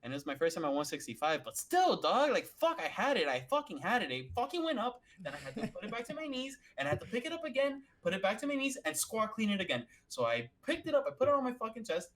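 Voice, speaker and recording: Young guy w a pretty high voice, cussing nonstop, telling a story all fired up. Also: quick pace, hardly any pauses. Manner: heavy swearing, animated storytelling. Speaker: podcast co-host. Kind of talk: casual chat.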